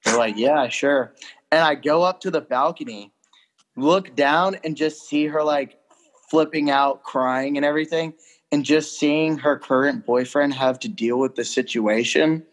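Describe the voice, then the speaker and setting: A man's voice: on the high side, a little slow. A young man telling a story in a casual chat, loose and rambling, full of fillers and swearing.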